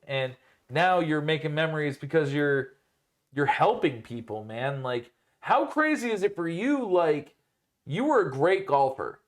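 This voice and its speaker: A young man co-hosting a podcast, telling rambling, profane stories in casual chat and leaning on filler words. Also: fairly high pitch.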